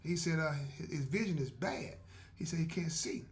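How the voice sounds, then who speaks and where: A man's voice: on the high side, lively intonation, normal speed, slight background noise. A man hosting a podcast, telling a story in a casual, chatty way, often laughing and acting out what people said.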